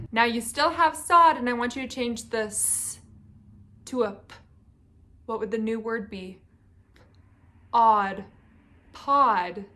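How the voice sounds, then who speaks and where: A young woman teaching a phonics lesson to small children. She talks very slowly with a bright, somewhat high voice. She sounds out each sound with care and encourages the children to join in. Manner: slow, clearly sounded-out speech with encouraging prompts. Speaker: reading teacher. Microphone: camera mic, teaching at a whiteboard.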